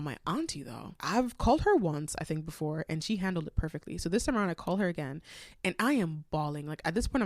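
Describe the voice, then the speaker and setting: A young woman hosting a solo podcast, congested from a cold, telling a rambling, animated personal story. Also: sits low, no echo, studio quality. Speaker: podcast host.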